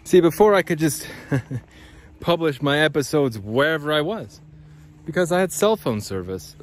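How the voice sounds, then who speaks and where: A man's voice: on the high side, expressive, measured pace. A man rambling and swearing through a podcast monologue as he walks outdoors by a creek. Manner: rambling, profane, talks to listeners as guys. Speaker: podcast host. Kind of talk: rambling walk-and-talk monologue.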